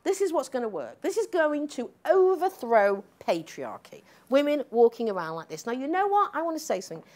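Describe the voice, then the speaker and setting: A woman's voice: sits high, big pitch swings, fairly quick, few pauses, darkish tone. A middle-aged woman giving a public lecture, emphatic and combative, tagging her points with questions to the audience. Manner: emphatic, combative, frequent "okay?" tags.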